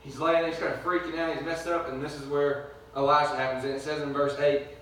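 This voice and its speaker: A man's voice: a little high, little pitch movement, fast talker, a bit bright, slight background noise. A male pastor, preaching a conversational sermon in a rambling, folksy way. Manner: casual, rambling storytelling with folksy asides. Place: church sanctuary. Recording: echoey church from far off.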